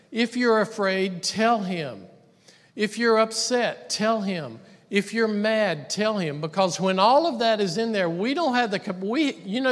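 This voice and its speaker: High-voiced man preaching in a hall. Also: a bit bright. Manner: conversational preaching with asides and humor. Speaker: pastor. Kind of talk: sermon.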